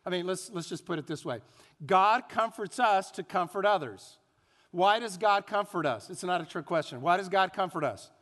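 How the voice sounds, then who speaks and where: A man preaching a sermon as pastor, animated, asking the congregation questions and having them repeat phrases. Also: sits high, moderate pace. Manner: animated preaching with rhetorical questions and call-and-response. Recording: long hall reverb.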